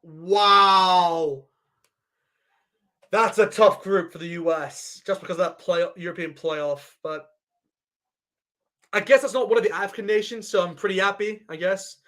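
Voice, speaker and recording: A man giving a live reaction to a sports draw, excitable and thinking aloud as he keeps addressing his viewers. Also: sits high, normal speed. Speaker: sports vlogger.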